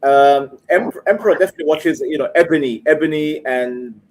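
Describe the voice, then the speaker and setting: A man on a live call-in panel, talking in crude, excitable banter and stammering repeats. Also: a little high, brisk.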